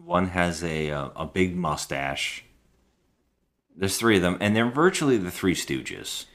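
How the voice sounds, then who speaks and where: A man co-hosting a podcast rambles casually while reviewing a movie, adding jokey impressions. His low voice is a bit bright, with big pitch swings and a slightly slow pace.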